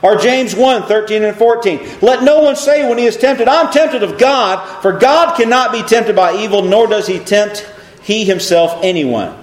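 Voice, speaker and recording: A man's voice: high-pitched, normal speed, reverberant. A man preaching a sermon, reading scripture and asking his listeners rhetorical questions. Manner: animated, asks the congregation rhetorical questions.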